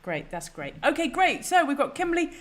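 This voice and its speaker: A woman's voice: sits high, sing-song, brisk. A woman hosting a live stream, chatty, flustered and self-deprecating. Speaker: host. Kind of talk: casual live-stream chat.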